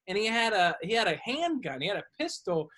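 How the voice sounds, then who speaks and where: A man, a comedian and podcast host, telling a story in casual chat. He is animated and clears his throat often. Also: high-pitched, fairly quick.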